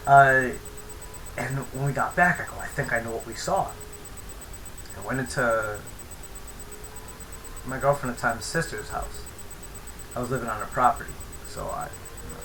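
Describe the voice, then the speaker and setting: A man's voice: mid-range voice, background noise. A young man telling a rambling, profane story in a casual vlog. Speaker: vlogger.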